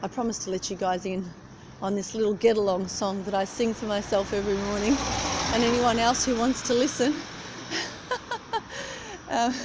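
A woman's voice: medium pitch, fairly even intonation, normal speed. Chatty woman vlogging on a noisy street. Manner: chatty, rambling, walking while talking. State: cold. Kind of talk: casual chat. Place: outdoors on a street at early morning. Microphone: phone camera held while walking. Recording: street traffic noise behind.

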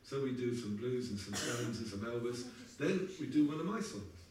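At a live music venue, a man in his sixties speaks in an animated, medium-pitched voice with a darkish tone at normal speed, telling wry stories between songs and laughing at his own tales. The echoey room is recorded from a distance, with slight background noise and guitar present.

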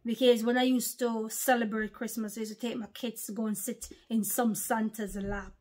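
A woman's voice: fairly high pitch, level tone, normal speed, darkish tone. A woman, preaching an informal online sermon in an impassioned, repetitive, emphatic way. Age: 40s.

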